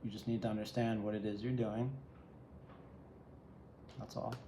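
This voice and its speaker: In a lowish voice with vocal fry and little pitch movement, a man at normal speed offers a reflective solo tarot reading directly to the viewer. The space echoes and carries faint ambient noise.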